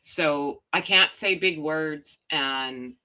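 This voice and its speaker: Woman, middle-aged, loud, chatty, slight stutter, bright voice, casual livestream talk. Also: deep voice, extremely slow. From Canada. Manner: loud, chatty, jumps between viewers' comments. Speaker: livestream host.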